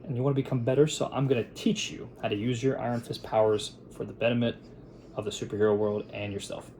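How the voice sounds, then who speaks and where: A man's voice: mid-range voice, fairly even intonation, fast, warm tone, a little hiss or hum, natural voice. A man voicing an older male martial arts mentor who talks to his student in a folksy, encouraging way.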